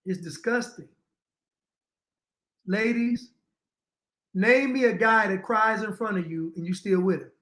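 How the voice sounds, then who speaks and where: A man's voice: high-pitched, measured pace, long pauses, a bit bright. A man giving opinionated reaction commentary to viewers, repeating his points and addressing them directly. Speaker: commentary streamer.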